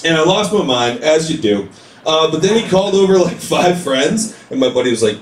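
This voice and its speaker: Stand-up man in his late twenties, slightly high voice, loose rambling delivery, recorded from a distance. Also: very animated, a little fast, slight background noise. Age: late 20s. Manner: loose, rambling storytelling with crowd work. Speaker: stand-up comedian. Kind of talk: stand-up comedy set. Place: basement comedy room with live audience. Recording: roomy live recording from a distance.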